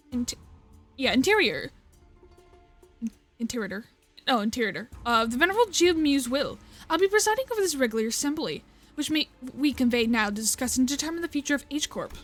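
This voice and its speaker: A woman's voice: high voice, very animated, fairly quick, faint music behind. Woman doing a smug, haughty noblewoman. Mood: grandiose. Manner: grandiose, formal and stumbling over long words. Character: haughty scheming noblewoman, smug and self-important.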